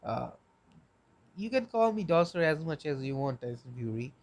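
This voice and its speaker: A man's voice: a little high, very animated, normal speed. A young man hosting a solo podcast, rambling, repeating himself and swearing bluntly. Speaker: podcast host.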